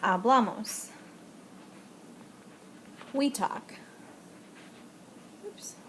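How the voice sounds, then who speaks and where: A woman's voice: a little high, very slow, slight background noise. A woman teacher explaining Spanish verb endings step by step in a recorded video lesson, patient and plain, with frequent fillers.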